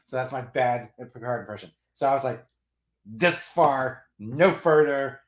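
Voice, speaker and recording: Male comics host, mid-pitched, chatty and rambling, roomy recording. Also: unhurried. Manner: animated and rambling, with restarts and laughs. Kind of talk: casual storytelling. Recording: roomy echo.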